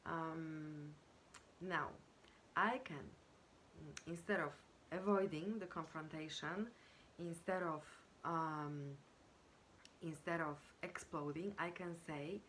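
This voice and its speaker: A woman with a low voice explains how to communicate, talking slowly and pausing often with small fillers. She teaches step by step and sometimes acts out example sentences. A faint hiss sits under her voice. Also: fairly even intonation, fairly bright tone. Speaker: communication coach.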